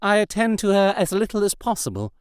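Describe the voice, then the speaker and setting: A man voicing a dry, sharp-tongued young woman in an audiobook. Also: high-pitched, big pitch swings, a little fast, clear, resonant tone, no echo, pitched above the performer's own voice. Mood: wry. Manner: dry, sardonic.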